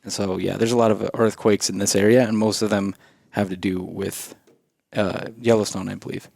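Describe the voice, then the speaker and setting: Gravelly low-voiced man, laid-back. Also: little pitch movement, moderate pace, darkish tone, no echo. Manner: laid-back, explains things at length with restarts. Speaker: podcast co-host. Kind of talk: casual chat.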